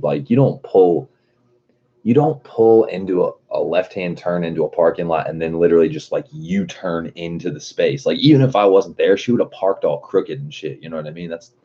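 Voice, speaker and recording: A very deep-voiced young man with a husky, dark tone, cursing and laughing his way through a casual story. The stream mic sounds a bit muffled. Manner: profane, animated, laughing.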